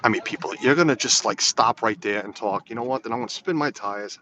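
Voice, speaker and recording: Driving on snowy roads, a man live-streams from his car, rambling to viewers and reading out their comments in a casual chat. His mid-range voice is fast, pushed, and bright, and the phone recording is lo-fi and a bit dull.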